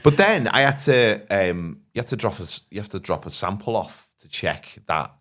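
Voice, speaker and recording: A man co-hosting a podcast, telling rambling, crude anecdotes and quick quips. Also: lowish voice, very animated, a bit bright. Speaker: podcast co-host. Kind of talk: casual pub-style banter.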